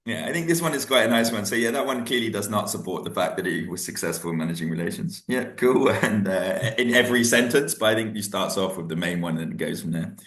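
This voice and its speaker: Relaxed man in an echoey room. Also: fairly low pitch, fast, hardly any pauses. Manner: relaxed, chatty, laughs often. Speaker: history teacher. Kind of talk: casual revision discussion.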